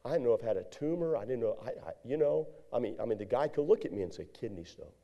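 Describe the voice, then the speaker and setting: A middle-aged male preacher telling a story in a sermon, animated, with sudden high outbursts. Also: racing, muffled recording.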